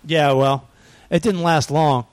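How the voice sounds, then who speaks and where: A man's voice: a little high, fairly even intonation, slow pace, smooth, no echo. A man hosting a comedy podcast, joking around and rambling through a profane story. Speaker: podcast host. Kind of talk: casual comedy podcast chat.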